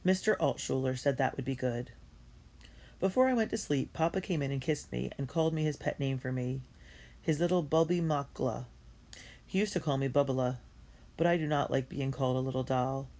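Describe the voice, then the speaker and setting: Gravelly-voiced woman reading a diary. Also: extremely low pitch, a little fast, mellow. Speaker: audiobook reader. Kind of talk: first-person diary reading.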